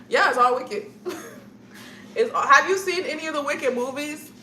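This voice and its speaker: A woman's voice: high voice, slow pace, sharp tone, reverberant, slight background noise, low-quality recording. A young woman chatting casually with her live viewers, rambling from one thought to the next and laughing often.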